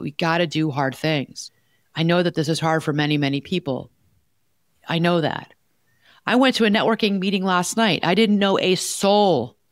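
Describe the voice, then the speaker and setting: A woman's voice: lowish voice, no room sound, studio quality. A woman co-hosting an advice podcast as a life coach, talking in an emphatic, direct way and telling stories with animation.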